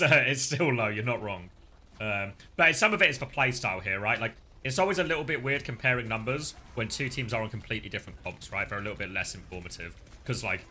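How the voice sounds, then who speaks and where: A man's voice: mid-range voice, sharp tone. A man hosting a live esports co-stream, chatting casually, laughing often and answering viewer questions. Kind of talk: casual live commentary chat.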